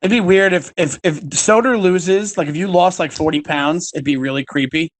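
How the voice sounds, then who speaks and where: High voiced guy on a comedy podcast, telling a jokey story, chatty. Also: normal speed. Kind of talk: casual comedy podcast banter.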